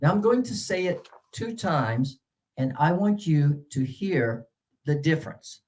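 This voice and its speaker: A man giving a workshop lecture to English teachers on word stress. He talks in halting stretches full of uh and restarts, then swoops his pitch up to model stressed syllables. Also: sing-song, darkish tone. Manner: halting, with many uh fillers and restarts.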